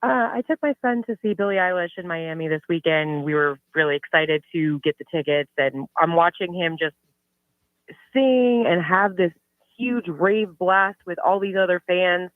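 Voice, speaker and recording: A woman's voice: lowish voice, moderate pace, no room sound. Heartfelt woman caller, dull line. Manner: heartfelt, animated storytelling. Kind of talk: casual phone-in chat.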